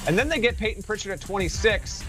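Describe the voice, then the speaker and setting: Energetic man analyzing basketball. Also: high voice, quick pace, soft background music. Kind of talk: sports analysis.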